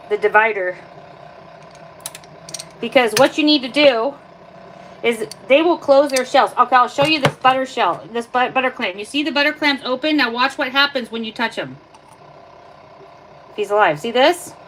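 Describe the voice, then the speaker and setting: Woman, livestream host, chatty, explaining as she works, phone recording, clear background noise. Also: high-pitched, normal speed, pauses often, a bit bright, rough recording. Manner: chatty, explaining while working with her hands. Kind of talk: casual live demonstration.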